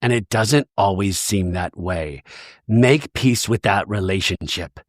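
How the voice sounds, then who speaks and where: A man hosting a podcast, recapping a reality TV episode in a jokey, animated way and acting out the quotes. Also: on the low side, unhurried, no room sound, clean studio sound. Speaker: podcast host.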